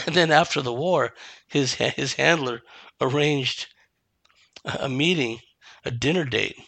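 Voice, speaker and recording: A man's voice: mid-range voice, vocal fry, sharp tone, no room sound. A man giving a solo commentary monologue, emphatic and dismissive, asking rhetorical questions.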